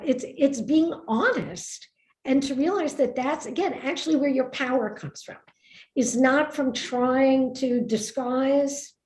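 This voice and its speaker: A woman from Brooklyn with a New York accent, an author and writing teacher telling stories in an emphatic, animated way at a book event. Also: high voice. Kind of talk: lively conversation at a book event. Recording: roomy echo.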